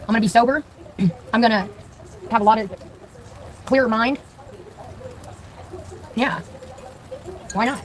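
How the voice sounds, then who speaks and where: A woman's voice: on the high side, slow pace, pauses often, rough recording. A young woman live-streaming, telling a story in a blunt, profane, chatty way and talking straight to her viewers.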